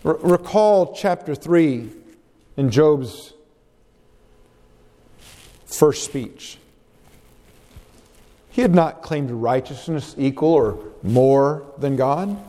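A man preaching a sermon and reading scripture aloud, slow and deliberate, with dramatic pauses. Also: fairly high pitch, darkish tone. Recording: long reverb of a large hall.

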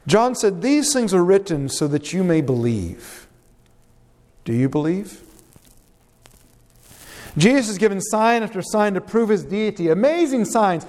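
A man's voice: high voice, a little mellow. A man preaching a sermon, reading scripture aloud with earnest, dramatic rises and drops in his voice. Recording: long hall reverb.

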